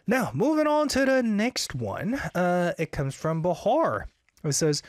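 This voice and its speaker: Animated chatty male radio host. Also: unhurried, no room sound, clean studio sound. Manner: chatty and upbeat, animated swings in pitch. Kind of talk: casual radio chat reading listener messages.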